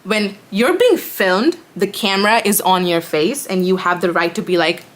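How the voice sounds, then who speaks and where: A woman's voice: medium pitch, normal speed. Indignant woman telling a storytime. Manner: indignant, animated, reads out text messages. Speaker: YouTuber. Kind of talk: casual storytime.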